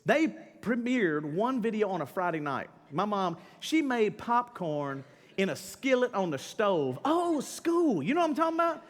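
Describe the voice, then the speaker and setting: A middle-aged male pastor giving a casual, humorous sermon, slangy and animated, talking straight to the crowd and breaking into shouts. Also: high voice, normal speed. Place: church sanctuary during a live service. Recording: long church-hall reverb with faint music behind.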